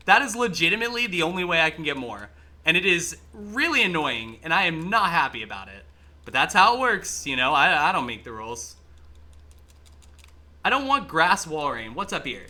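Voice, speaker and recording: A man streaming a game live, chatting to viewers, swearing and laughing as he reacts to the game. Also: high voice. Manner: excitable, swears a lot, laughs and shouts at the game; chatty, talks straight to chat. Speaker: livestreamer. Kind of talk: live gameplay commentary.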